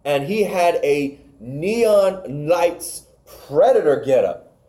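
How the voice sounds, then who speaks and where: A man's voice: on the high side, lively intonation, takes it slowly, mellow. A man co-hosting a podcast, casually recapping wrestling matches, rambling and stumbling over names. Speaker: podcast co-host.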